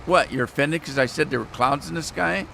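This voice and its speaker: A man's voice: on the high side, fairly quick, creaky, bright, forceful tone, a little hiss or hum. A man streaming a farming game, chatting casually and telling rambling stories with chuckles. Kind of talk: casual gameplay commentary.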